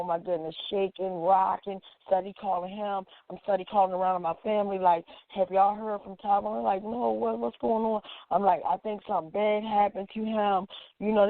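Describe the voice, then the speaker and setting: A woman's voice: mid-range voice, no room sound. A woman activist telling an emotional personal story, acting out the dialogue as she goes. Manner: acts out quoted dialogue as she talks. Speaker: activist guest. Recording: tinny phone-like line, dry.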